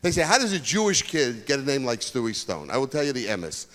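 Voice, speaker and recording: An older man from Brooklyn, doing a stand-up comedy routine with rapid-fire jokes in a high school auditorium. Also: very animated, fairly bright tone. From Brooklyn, New York. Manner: rapid-fire joke delivery with bits of put-on voices.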